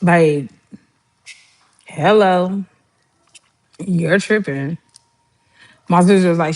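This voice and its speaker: Here a woman's mid-range voice moves at an unhurried pace with long pauses. She's a livestream host chatting casually while she cooks, telling family stories, laughing a lot, and doing impressions of relatives.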